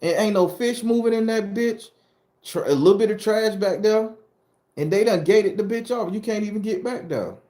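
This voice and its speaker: A man's voice: high-pitched, moderate pace, warm tone, echoey room. Loose, profane storytelling man. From southern Florida, USA. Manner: loose, profane, joking storyteller talking to chat. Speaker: host of a spooky-story channel. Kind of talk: casual live-stream chat answering viewers.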